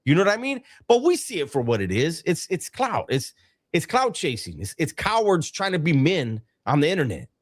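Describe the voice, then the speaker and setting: A man's voice: fairly high pitch, wildly swooping pitch, moderate pace. A man, co-hosting a live stream, telling stories in casual chat full of street slang and swearing.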